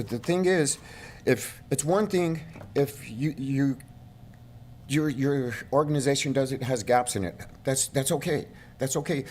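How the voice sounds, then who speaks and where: A middle-aged man speaks at a podium mic during a county board meeting, pleading and emotional. His voice sits at an ordinary mid pitch and surges toward near shouting at its peaks. A faint low rumble hangs in the room behind him. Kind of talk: emotional public comment. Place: council chamber.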